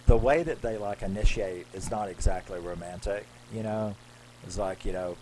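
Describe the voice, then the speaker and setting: A man's voice: fairly low pitch, measured pace, a little mellow, a little hiss or hum, low-quality recording. A man casually retelling a horror film's plot in a rambling way, acting out the characters' lines. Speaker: horror film reviewer. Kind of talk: casual movie recap.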